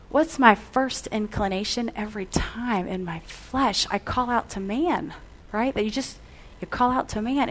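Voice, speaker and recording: Animated woman telling a sermon story. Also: mid-range voice. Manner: animated storyteller, acts out dialogue. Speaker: speaker.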